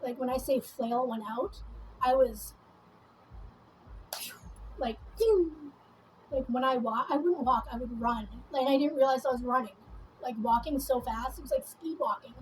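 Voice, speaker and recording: A woman's voice: sits high, fairly even intonation, moderate pace, long pauses, slight background noise, rough recording. A woman vlogging in a casual, rambling monologue full of swearing and fillers while she does her makeup. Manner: rambling, profane, many fillers. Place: at home doing her makeup.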